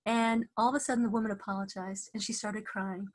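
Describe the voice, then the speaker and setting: Husky-voiced woman telling a story. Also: a little high, normal speed, hardly any pauses. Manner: animated, many restarts, acts out voices. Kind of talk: casual spoken storytelling.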